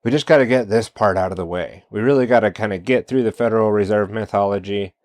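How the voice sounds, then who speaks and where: A man's voice: fairly low pitch, fast talker, darkish tone, no echo. A man hosting a solo commentary show, talking casually and posing one rhetorical question after another. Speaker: podcast host.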